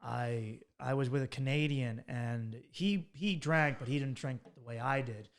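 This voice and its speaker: A man's voice: medium pitch, measured pace. An American man hosting a podcast, joking around, swearing, and acting out other people's lines while he tells his own stories. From United States. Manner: joking and chatty, swears and acts out quoted voices. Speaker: podcast host. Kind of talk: casual podcast conversation.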